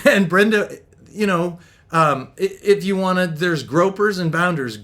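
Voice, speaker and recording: A middle-aged man giving an energetic, upbeat Christian marriage talk. He laughs often and acts out the voices of the people he quotes. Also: high-pitched, unhurried. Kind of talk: motivational talk.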